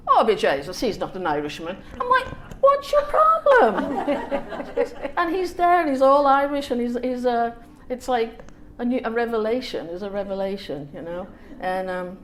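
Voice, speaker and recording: Woman, author guest, animated storyteller, mid pitch, faint room noise. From England. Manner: lively storyteller, laughs often, mimics voices. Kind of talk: casual conversation.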